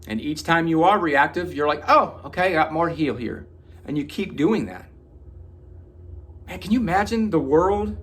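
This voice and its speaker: A man's voice: fairly high pitch, slight background noise. A man giving an earnest, preachy motivational self-help talk, swearing casually. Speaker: motivational vlogger.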